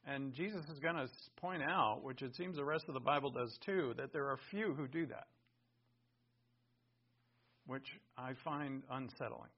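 A male pastor preaching a sermon, emphatic, swinging from loud stresses to hushed words. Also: mid-range voice, moderate pace. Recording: dull lo-fi recording.

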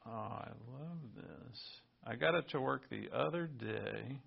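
Gravelly pastor, lo-fi. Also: male voice, mid-range voice, measured pace. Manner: animated teaching, repeating phrases for emphasis. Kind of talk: sermon with Greek word study at a whiteboard. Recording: dull lo-fi recording.

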